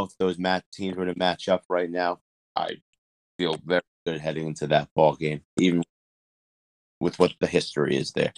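A man co-hosting a casual sports podcast, talking in an animated way, laughing often and restarting his sentences. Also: sits low, no echo. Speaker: podcast co-host.

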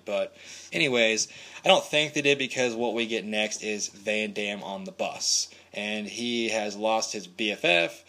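A man's voice: mid-range voice, a bit bright. A man casually recapping a movie in a rambling, profane, laid-back way.

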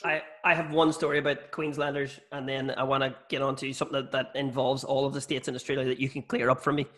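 An Irish man talking quickly, spinning profane anecdotes in a loose podcast conversation. His pitch sits at an ordinary middle height, and he tells his stories with a comic's timing. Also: level tone, a bit bright. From Ireland. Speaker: stand-up comedian. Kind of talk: casual podcast chat.

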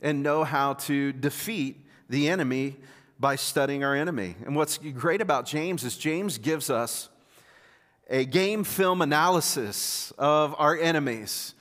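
A man's voice: a little high, a little slow, a bit bright. A man preaching a sermon in a conversational way, often repeating words and asking the congregation questions. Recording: long hall reverb.

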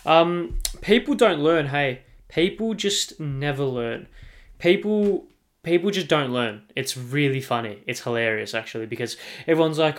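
A man's voice: fairly high pitch, lively intonation, a little slow. A man with an Australian accent hosting a solo sports podcast, talking emphatically, repeating his points and swearing freely. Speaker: podcast host.

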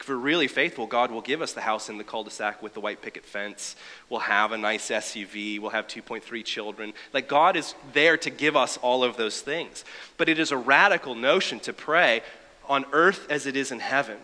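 A man delivers a sermon in a bright, forceful voice, chatty and wry rather than formal. His words ring out with a long hall reverb, as if recorded in a big church. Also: mid-range voice. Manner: conversational, wry asides. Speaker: preacher.

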